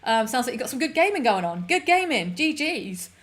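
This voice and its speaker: A woman's voice: on the high side, big pitch swings, brisk. A woman hosting a casual stream, reading out chat messages in an upbeat, giggly way with lots of fillers. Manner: chatty, upbeat, giggly, many fillers and restarts.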